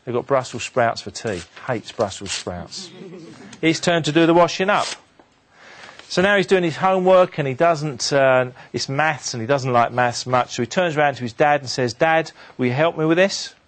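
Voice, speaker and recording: A man giving a motivational talk to an audience, telling a story in an animated way and dropping his voice low and quiet for the sad moments. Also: normal speed. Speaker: motivational speaker.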